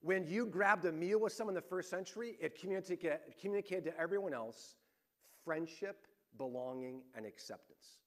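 A man with a notably high voice preaches as a pastor. He tells his stories with energy, climbing in intensity on key moments and dropping almost to a murmur on others. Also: fairly quick. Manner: lively storytelling, swings between rising emphasis and hushed points. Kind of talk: sermon.

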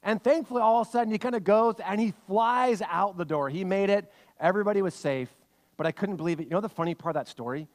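A man preaching a sermon as pastor, reading scripture and telling a lively family story in animated bursts. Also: high-pitched, fast talker. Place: church sanctuary. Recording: long hall reverb.

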